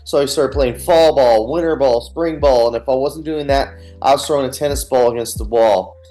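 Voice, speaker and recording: A man speaks as a guest on a radio interview, telling his own story earnestly and candidly. His voice sits at an ordinary mid pitch for a man. Soft music plays faintly in the background. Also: normal speed. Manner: earnest, candid, retells scenes with quoted dialogue.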